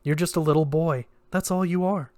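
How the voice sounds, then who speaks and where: A man reading aloud and voicing a grieving, defiant young woman magician, with his voice raised higher and near tears. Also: fairly even intonation, brisk, a little mellow, dry recording, studio quality, lightly acted. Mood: sad defiant.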